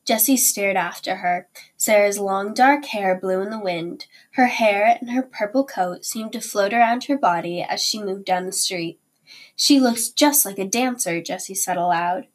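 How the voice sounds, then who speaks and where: Teacher lady reading a kids chapter book out loud, slow and careful, mid pitch.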